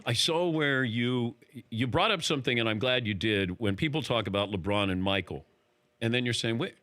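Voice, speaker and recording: A man hosting a casual interview, firing quick questions and laughing often. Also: mid-range voice, sharp tone. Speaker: host.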